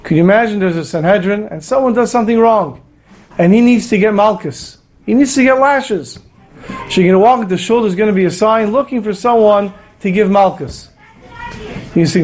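A man's voice: high voice, lively intonation, moderate pace, a little mellow, a little hiss or hum. A man giving an earnest Torah lecture, telling stories and acting out the quotes. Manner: earnest, storytelling with acted quotes. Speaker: rabbi teaching a weekly Torah class.

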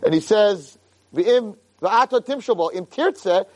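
An animated rabbi teaching to a room, his voice sitting high and swinging widely up and down. He is emphatic, fires rhetorical questions and acts out the lines of the people he talks about. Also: unhurried. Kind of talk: Torah class.

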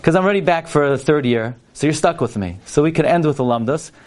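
A man giving an emphatic sermon-style talk, working through stories with Hebrew and Yiddish terms woven in. His voice sits a little high for a man, and he delivers with the drive of a practiced speaker at a parlor meeting. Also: expressive, quick pace, darkish tone.

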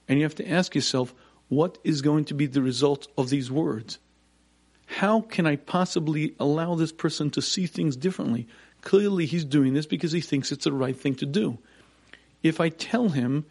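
A man giving a Torah lecture as a rabbi, clearing his throat often and repeating points for emphasis. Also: on the high side, darkish tone.

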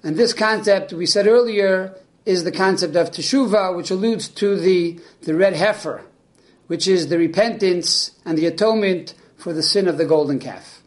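A man with a high-pitched voice delivers a religious lesson. He tells stories with energy and slips into the voices of the people in them. His teaching is earnest and explanatory. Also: normal speed. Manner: animated storyteller who acts out the people in his stories. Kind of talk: spoken Torah lesson.

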